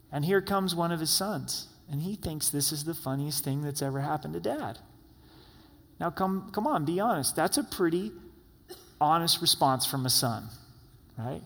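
A man's voice: a little high, fairly bright tone, long reverb tail. A man preaching a sermon in a church, in a conversational style with frequent rhetorical questions. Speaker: pastor.

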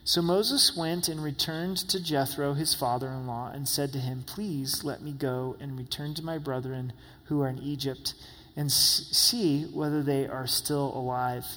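A man's voice: medium pitch, steady tone, measured pace, fairly bright tone, big-room sound, low-quality recording. A pastor preaching a sermon, raising his voice for emphasis and voicing the people he quotes.

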